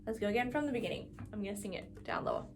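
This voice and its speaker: A woman's voice: medium pitch, animated, racing, a little hiss or hum. A woman music teacher giving an instrumental lesson, patiently explaining and counting beats aloud.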